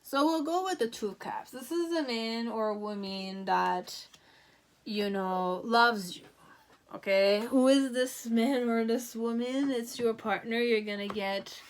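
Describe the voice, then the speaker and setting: A woman's voice: a little high, unhurried. A woman giving a pick-a-card tarot reading, thinking aloud in a meandering way with many fillers. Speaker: tarot reader.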